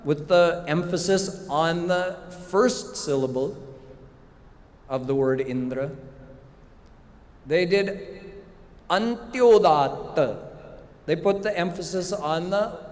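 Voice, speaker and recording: Man, middle-aged, spiritual teacher, unhurried measured lecture, slightly higher voice, long reverb of a big hall. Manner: slow, measured explaining with rhetorical questions. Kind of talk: devotional lecture. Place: large hall at a live retreat. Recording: long hall reverb, faint room ambience.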